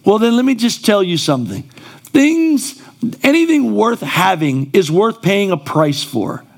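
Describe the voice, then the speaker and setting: Man, pastor, sermon in a church, high voice, gravelly fry, conversational with emphatic bursts. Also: very animated, normal speed. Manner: conversational preaching, rising to emphatic exclamations.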